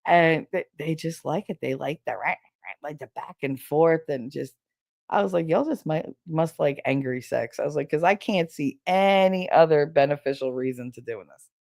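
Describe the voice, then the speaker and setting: Low gravelly woman telling blunt stories. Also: moderate pace, no room sound, clean studio sound. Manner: blunt, profane, animated storytelling with laughs. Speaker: podcast host. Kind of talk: casual storytelling chat.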